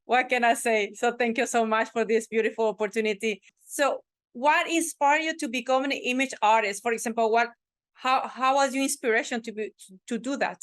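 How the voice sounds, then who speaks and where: A woman's voice: on the high side, fairly even intonation, a little fast. Effusive woman podcast host, many restarts. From Mexican family, works from the United Kingdom audience side. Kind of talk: casual interview chat.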